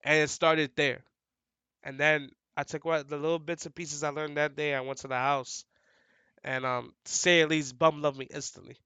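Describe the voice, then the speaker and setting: A man's voice: fairly high pitch, normal speed, clean tone, no room sound. A young adult man, an esports commentator, telling stories in a casual, slangy interview chat. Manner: animated and slangy, many "like" fillers; describes himself as loud and outgoing.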